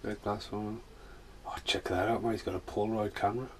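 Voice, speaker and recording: A man's voice: on the low side, flat delivery, a little fast, darkish tone, a little hiss or hum. A man hosting a podcast with a rambling film commentary, laughing often. His speech is a little slurred and he sounds like he is in pain. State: injured, in pain. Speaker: podcast host.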